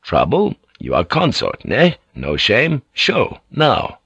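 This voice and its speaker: A man's voice: medium pitch, huge pitch swings, slow pace, vocal fry, a bit bright, breathy edge, no echo, lo-fi sound, heavily acted. A man doing a curt, blunt foreign sailor. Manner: curt, broken-phrase commands.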